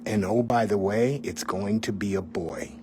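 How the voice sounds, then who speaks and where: A man voicing a female tarot card reader as he retells a personal story. She speaks gently but firmly. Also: on the low side, fairly even intonation, normal speed, a little hiss or hum, natural voice. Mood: insistent.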